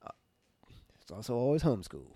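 A man with a Southern country accent, co-hosting a casual podcast chat, talking in an animated, profane and sarcastic way. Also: medium pitch, brisk, breathy edge, no echo. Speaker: podcast co-host.

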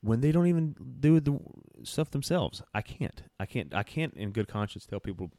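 A man's voice: mid-range voice, animated, normal speed, mellow, no room sound, studio quality. A man co-hosting a casual podcast chat, opinionated and rambling, restarting his sentences often. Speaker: podcast co-host.

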